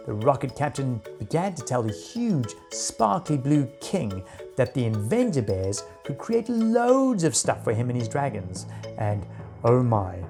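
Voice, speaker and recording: A woman narrating a children's storybook in an expressive, animated way. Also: very deep voice.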